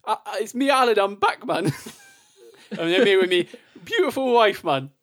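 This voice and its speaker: Comic Geordie footballer-father impression, performed by a man, pitched up, jokey, drawn-out. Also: animated. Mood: playful. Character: impression of a famous male football star, older father.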